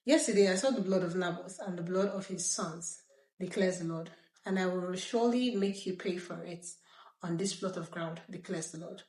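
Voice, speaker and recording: A ruthless warrior king gives blunt, commanding orders, read by a woman. The voice sits slightly low, and the room echoes around it. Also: moderate pace, darkish tone, natural voice. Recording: roomy echo.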